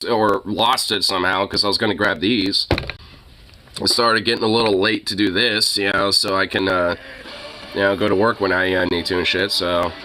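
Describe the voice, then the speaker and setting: A man's voice: fairly low pitch, sharp tone, poor audio. A young man chatting casually with his viewers, rambling with lots of fillers and swearing. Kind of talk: casual chat.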